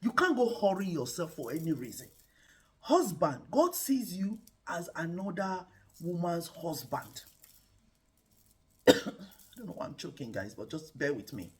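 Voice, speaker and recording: A woman's voice: lowish voice, sing-song, a little slow, pauses often, husky. A woman hosting a show, giving faith-based relationship advice in a preacher-like way and calling viewers guys. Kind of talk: preaching-style relationship talk.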